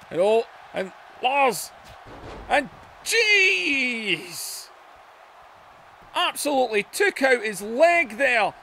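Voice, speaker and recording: A gaming YouTuber gives excitable play-by-play commentary on a wrestling video game, sinking into low muttering and then shouting at the big moves. There's slight background noise.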